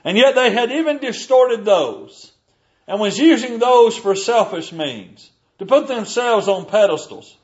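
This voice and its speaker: A man's voice: sits high, highs cut off. A man preaching a sermon, earnest and emphatic, reading scripture aloud.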